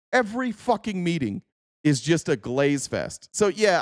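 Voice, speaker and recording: A man's voice: on the high side, very animated, unhurried, no echo, clean studio sound. A man hosting a livestream, reacting to political clips with sarcastic, profane casual commentary.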